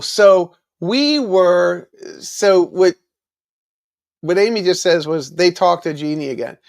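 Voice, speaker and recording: A man's voice: high voice, slow pace, gravelly. A man hosting a live stream, chatting casually with viewers, with many fillers and restarts. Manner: reads and answers viewer chat.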